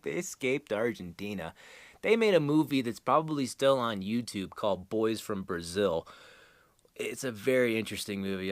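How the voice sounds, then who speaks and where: Low-voiced man rambling casually, dry sound. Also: clean tone, dry recording. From United States. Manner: meandering, chuckling, crude asides. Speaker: host.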